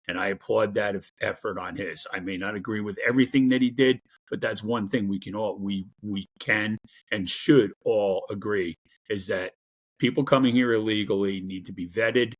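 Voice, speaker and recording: A middle-aged man giving an angry, profane political rant, growing louder as he goes. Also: on the low side, normal speed, slightly rough. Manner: angry, profane, rising to loud outbursts. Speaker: political commentator.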